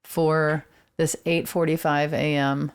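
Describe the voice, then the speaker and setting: A woman's voice: low voice, level tone, takes it slowly, clean tone. A woman hosting a podcast in casual chat, dry and musing in manner. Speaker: podcast co-host.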